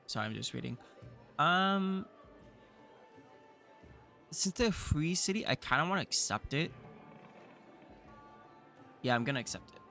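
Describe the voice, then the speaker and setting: Bright-voiced man commenting on gameplay. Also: fairly high pitch, animated, unhurried, vocal fry, long pauses. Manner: thinks aloud, chatty with fillers. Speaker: gaming channel host. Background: faint game music.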